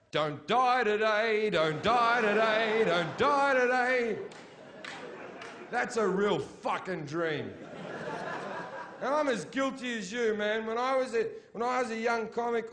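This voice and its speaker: A man performing a stand-up set in a theatre, swearing constantly and swinging between shouted rants and low, mumbled asides. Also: a little hiss or hum. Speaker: stand-up comedian. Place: sold-out theatre.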